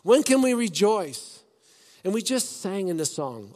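High-voiced man preaching in a reverberant hall. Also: a little slow. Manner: animated, swings between loud emphasis and soft hushed lines. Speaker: pastor. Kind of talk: sermon.

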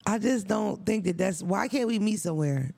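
A man co-hosting a casual podcast chat, with a gravelly edge that keeps slipping into fry. He tells stories bluntly and profanely, with animated emphasis. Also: high voice, normal speed. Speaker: podcast co-host.

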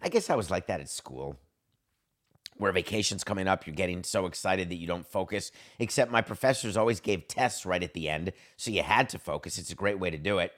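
A middle-aged man hosting a solo sports podcast, talking in a jokey, theatrical way and swinging his pitch up for emphasis. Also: a little fast, a bit bright. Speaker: podcast host.

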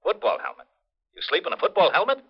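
An actor playing a gruff, brusque police lieutenant who sounds fed up, in 1940s radio acting from a muffled old broadcast. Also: male voice, sits high, wildly swooping pitch, fast, heavily acted.

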